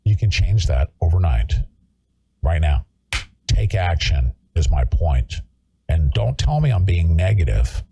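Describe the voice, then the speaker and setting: A man's voice: sits low, big pitch swings, a little slow, creaky, dark tone, husky. A male talk show host ranting in an angry, confrontational way and hectoring his listeners. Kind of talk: political talk show rant.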